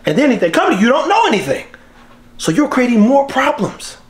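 A man hosting his own channel, talking casually to the camera about breeding dogs in an animated, slangy way with frequent laughs. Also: extremely high pitch, brisk. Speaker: dog breeder and channel host.

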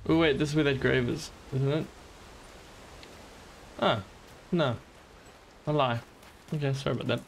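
A man's voice: medium pitch, moderate pace, gravelly, long pauses, a little hiss or hum. A man streaming a game, chatting casually in a joking, rambling way and swearing often. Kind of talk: casual gameplay commentary.

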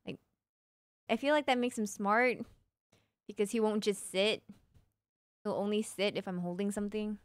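A woman's voice: medium pitch, steady tone, normal speed, pauses often, clear, resonant tone, no room sound. A young woman streaming live, casually chatting and answering her viewers' questions in a playful way, humming little nonsense sounds between thoughts.

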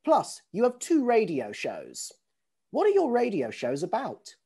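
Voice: medium pitch, huge pitch swings, measured pace, vocal fry, mellow, husky. An interviewer asking prepared questions in an encouraging, admiring manner. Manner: encouraging and admiring toward the guest.

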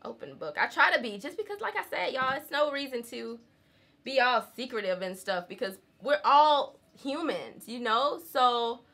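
A young Southern woman talks straight to her camera from home in a loose, candid way, full of asides to her viewers. Her voice is bright and sits a little high for a woman. Her country accent comes through plainly. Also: lively intonation, moderate pace. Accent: Southern American. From Southern United States, rural. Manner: chatty, candid, frequent laughs, says y'all. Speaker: vlogger. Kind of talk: casual chat to camera.

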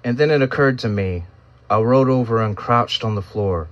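A man narrating a first-person story in a solemn, measured storytelling manner, in a dull lo-fi recording. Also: medium pitch.

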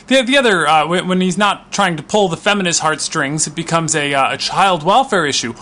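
A man's voice: fairly high pitch, brisk, sharp tone. A male comedian delivering a sarcastic, rambling comic monologue, with plenty of fillers.

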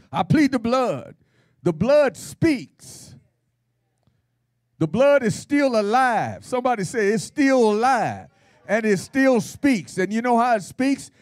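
A man pastor leads a Bible study in a folksy, teasing call-and-response style. His voice sits high and swoops all over the place. The sound is dry and close. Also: a little mellow, no echo. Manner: folksy, playful, call-and-response preaching with laughter.

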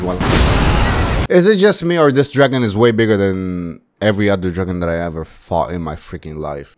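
A man giving animated let's-play commentary as a gaming YouTuber, ranting and swearing mildly with sudden shouted outbursts. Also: lowish voice, dry recording.

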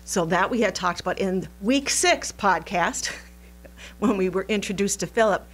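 An animated woman teaching a Bible lesson in a playful, chatty style, often breaking into laughter. Her voice sits at an ordinary middle pitch. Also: unhurried. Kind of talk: recorded Bible study lesson.

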